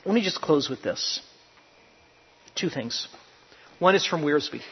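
High-voiced pastor preaching in a reverberant hall. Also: male voice, expressive, slow pace, a little hiss or hum. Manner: emphatic, rising to loud bursts, quoting people in character. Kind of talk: sermon. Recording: dull lo-fi sound with long church reverb.

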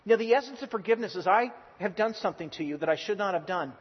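A man's voice: high-pitched, lively intonation, fast talker, slightly rough. A male pastor preaching a sermon in a church, earnest and emphatic, often restarting his words. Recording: dull lo-fi recording with long hall reverb.

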